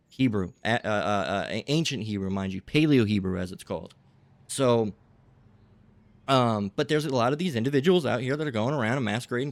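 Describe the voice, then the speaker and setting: Man giving a rambling religious lecture, mid-pitched, keeps asking "all right?", dry close sound. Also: dry recording. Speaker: religious teacher.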